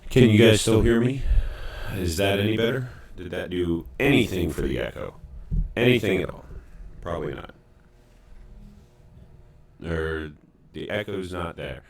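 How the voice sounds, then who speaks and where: A man's voice: sits low, animated, a little slow, pauses often. A young man streaming a game live, chatting casually and interrupting himself while he fixes his audio.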